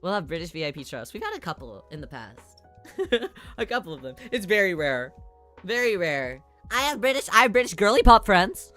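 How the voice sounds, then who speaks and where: A woman's voice: mid-range voice, sharp tone, no echo. A woman streamer chatting casually and rambling, laughing often between thoughts. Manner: rambling, giggly, mock voices. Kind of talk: casual live-stream chat.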